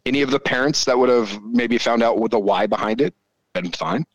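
A man, probably in his forties, telling a story in a casual chat, animated and full of swearing. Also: medium pitch, brisk, no echo, lo-fi sound. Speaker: podcast guest.

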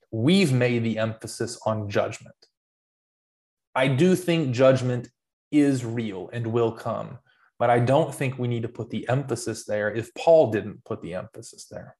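Co-host, male, mid-pitched: earnest long-winded explainer in casual discussion. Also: darkish tone. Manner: earnest, rambling explanations with restarts. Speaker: podcast co-host.

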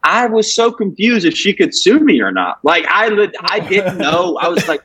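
A man, a comedian telling profane, animated stories on a podcast. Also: high-pitched, normal speed, breathy edge, low-quality recording. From Alabama, USA. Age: 20s. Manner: animated, profane storytelling with acted-out quotes. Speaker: comedian guest. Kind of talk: casual podcast chat.

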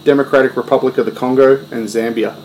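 A man's voice: mid-range voice, steady tone, quick pace. Laughing guy reading quiz questions outdoors. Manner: laughs often, self-mocking. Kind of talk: casual chat. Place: outdoors at night with crickets. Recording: noisy outdoor recording with crickets.

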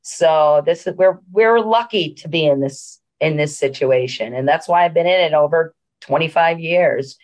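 A woman's voice: sits low, normal speed, few pauses, a little mellow. A middle-aged woman, a senior living executive, telling a story in a casual interview with many fillers and restarts.

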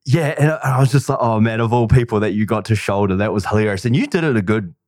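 A man hosting a podcast, with a rambling, animated way of telling stories. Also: fairly low pitch, fast, no echo, clean studio sound. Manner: animated storyteller, frequent "like" and "you know". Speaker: podcast host. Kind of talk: casual chat.

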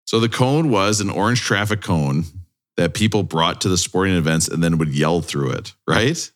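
A man's voice: deep voice, moderate pace. A man co-hosting a show, chatting casually with a wry, joking manner. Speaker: podcast co-host. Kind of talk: casual chat.

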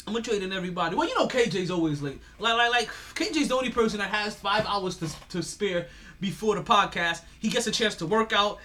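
A man's voice: high voice, pushed and bright. A man hosting a sports podcast, ranting in a casual monologue with stammered repeats and frequent laughter. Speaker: podcast host.

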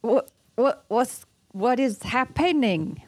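A cheeky young sneak with a fake cockney accent, as a player puts her on. The voice jumps high and loud and swings all over. Dry, close sound. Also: lively intonation, takes it slowly, husky, no room sound, heavily acted. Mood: brash. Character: sneaky young woman faking a cockney act.

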